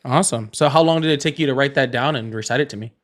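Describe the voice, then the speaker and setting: A man's voice: medium pitch, rapid-fire, a bit bright. A man with a Southern American accent hosting a casual live call-in stream, blunt and teasing, often laughing.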